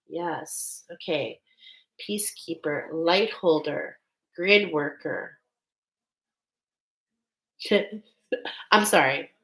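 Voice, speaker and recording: A woman delivers a live channeled reading, speaking slowly and with many pauses. Her voice sits somewhat low. She keeps breaking off to check in with "okay" before carrying on. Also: a bit bright, low-quality recording. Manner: halting, often checks in with "okay". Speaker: intuitive reader.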